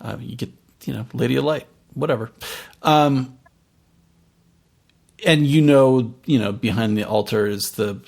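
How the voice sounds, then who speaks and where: Guy running a tabletop game, gravelly voice, lots of um and you know, mid pitch. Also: measured pace, a little mellow. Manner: rambling, many fillers and restarts. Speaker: game master. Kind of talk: describing a tabletop game scene.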